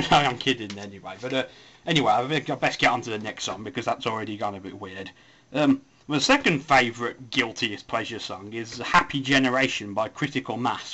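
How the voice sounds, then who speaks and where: A young man chats at an easy middle pitch, wandering from one tangent to the next. He mocks himself as he goes, in a loose, casual spoken post. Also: a bit bright. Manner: rambling, self-mocking, puts on silly voices. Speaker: forum voice poster.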